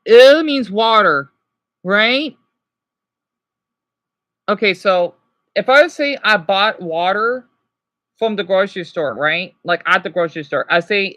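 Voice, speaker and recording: Bright-voiced rambling male streamer. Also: high voice, animated, measured pace, dry recording. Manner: rambling, self-correcting, answers chat. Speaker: livestreamer teaching French words. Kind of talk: casual livestream chat.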